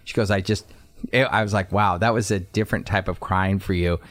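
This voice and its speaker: A man in his forties co-hosting a talk show, spinning family stories and playing the other voices in them. His voice is very deep, and the recording is dry and close. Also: brisk, no room sound. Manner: animated storyteller who acts out family voices. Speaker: co-host. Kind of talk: casual talk show storytelling.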